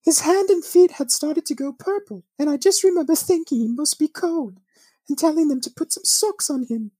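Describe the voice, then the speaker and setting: A podcaster putting on a British accent to play a young British mother recalling her sick baby, in a high, strained, breathy quoting voice. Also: moderate pace, dark tone, no room sound, close to an everyday voice. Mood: distressed. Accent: put-on British.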